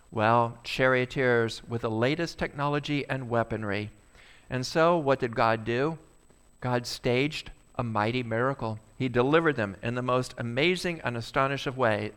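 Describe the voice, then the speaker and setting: A male pastor preaching a sermon, asking the congregation rhetorical questions and swinging between loud bursts and quiet asides. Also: mid-range voice, clear, resonant tone.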